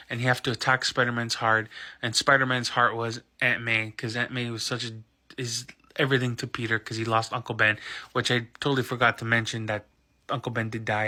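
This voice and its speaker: A man's voice: medium pitch, bright, forceful tone. A man in his thirties hosting a podcast, recapping a film in a casual, rambling way with restarts and self-corrections. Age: 30s. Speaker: podcast host.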